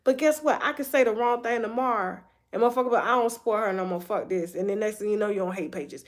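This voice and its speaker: Fast and medium-pitched, a woman hosting a celebrity gossip show speaks candidly about herself. Her monologue is blunt and full of profanity, with frequent restarts and repeated phrases for emphasis.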